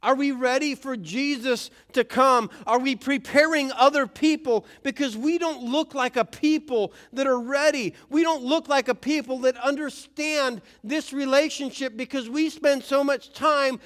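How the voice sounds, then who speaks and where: Pastor, male, high tenor register, chatty sermon delivery with acted-out quotes. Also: a little slow, hardly any pauses, a bit bright. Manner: conversational, acts out quoted voices.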